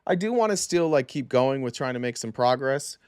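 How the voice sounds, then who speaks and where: A man's voice: mid-range voice, animated, brisk, a little mellow, clean tone, no echo, studio quality. A tired man hosting a casual live stream, reading viewer comments aloud in a loose, rambling way full of fillers.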